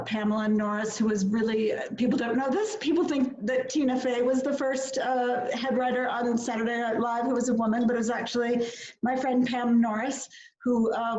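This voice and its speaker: A woman's voice: fairly high pitch, darkish tone. A woman from Minnesota, a filmmaker guest, chatting casually with lots of fillers and laughter. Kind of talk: casual interview chat. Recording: echoey lo-fi video call audio.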